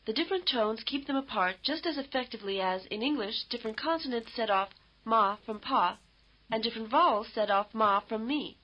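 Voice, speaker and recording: A woman giving scripted instructional narration for a language course, in a measured, explanatory way. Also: a little high. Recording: dull lo-fi tape audio.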